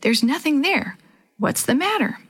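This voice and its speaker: A woman voicing an excitable, bossy young girl who scolds sharply. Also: high voice, a little slow, pitched above the performer's own voice. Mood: snappish.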